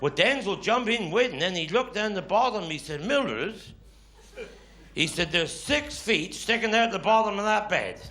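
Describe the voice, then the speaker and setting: A man's voice: high voice, very animated, normal speed, pushed and bright. A Cornish man performing live stand-up comedy, telling dialect stories with grumbling quoted voices. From Cornwall. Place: live stage before an audience. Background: audience laughter.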